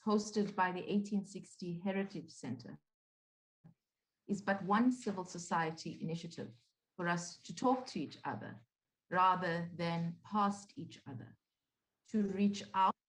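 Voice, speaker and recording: A woman co-hosting a panel over a video call, delivering a deliberate, earnest scripted address. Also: medium pitch, echoey room, low-quality recording. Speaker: co-host.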